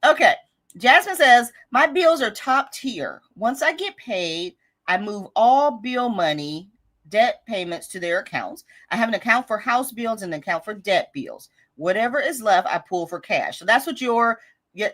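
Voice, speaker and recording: A woman's voice: mid-range voice, very animated, normal speed, a bit bright. A woman hosting a live budgeting stream, chatting casually and reading viewer comments aloud in an upbeat, encouraging way, laughing often.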